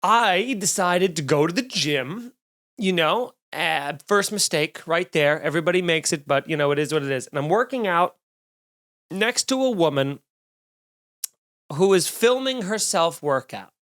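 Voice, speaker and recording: A man's voice: on the high side, animated, a little slow, fairly bright tone. Sarcastic rambling male comedian. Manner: sarcastic, rambling, self-deprecating. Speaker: comedian podcast host. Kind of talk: solo comedic rant. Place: home studio, drinking while recording.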